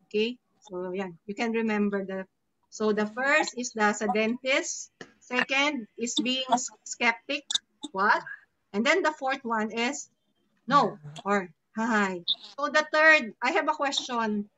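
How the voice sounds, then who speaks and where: A woman with a Filipino accent teaching a live online class, lively and demonstrative, switching between English and Tagalog. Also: on the high side, unhurried, dull audio, slight background noise. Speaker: Mandarin teacher.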